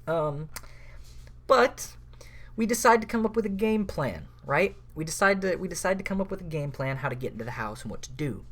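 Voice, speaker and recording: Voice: mid-range voice, animated, brisk, fairly bright tone. Rambling podcast host telling a story. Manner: rambling, lots of "like" and laughing asides.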